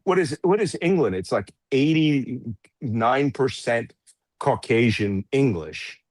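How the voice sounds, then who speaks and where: In a heated political interview, a man from the United States speaks as a guest commentator, blunt and sarcastic with mocking asides. His voice is mid-range and recorded without any room sound.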